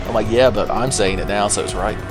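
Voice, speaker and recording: A man's voice: on the low side, a little fast, music in the background. A man giving crude, joking let's-play commentary while gaming, slipping into silly voices for game characters. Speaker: gameplay commentator.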